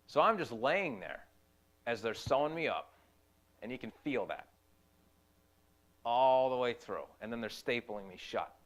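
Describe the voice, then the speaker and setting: A young man, a youth ministry volunteer, giving a personal testimony in an earnest, halting way, often repeating his phrases. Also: medium pitch, animated.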